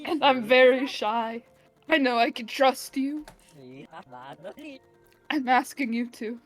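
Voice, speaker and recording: A theatrical despairing man, as a woman puts him on, high and slow, grand old-timey wording, music faintly behind. a game character voiced on a live stream. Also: fairly even intonation. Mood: melodramatic. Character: gloomy dramatic man in shambles.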